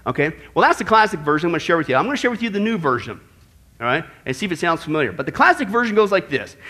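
A male pastor preaching in church with an animated, playful delivery, throwing rhetorical questions at the congregation. His voice sits high and sounds bright, and it swoops widely as he preaches. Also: racing. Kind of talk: sermon.

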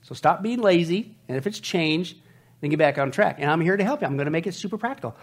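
Lively joking male preacher. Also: on the high side, fast talker. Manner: animated, joking, addresses the audience as folks. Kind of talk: humorous sermon.

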